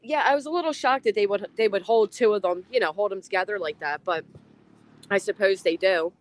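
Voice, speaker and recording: A woman's voice: mid-range voice, brisk. A woman hosting a casual livestream, chatting and greeting viewers by name. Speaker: livestream host. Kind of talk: casual live-chat commentary.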